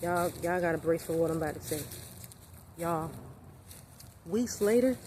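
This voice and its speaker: A woman's voice: fairly low pitch, moderate pace, slight background noise. A woman telling a story to her viewers, repeating herself and calling out to them again and again. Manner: repetitive, animated, addresses viewers as y'all. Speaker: vlogger. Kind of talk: casual storytime vlog.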